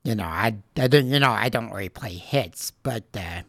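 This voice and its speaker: A middle-aged man hosting a radio show, introducing records in a rambling, halting way with lots of fillers and self-corrections. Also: lowish voice, expressive, vocal fry, a bit bright, no echo, studio quality. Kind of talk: casual radio show links.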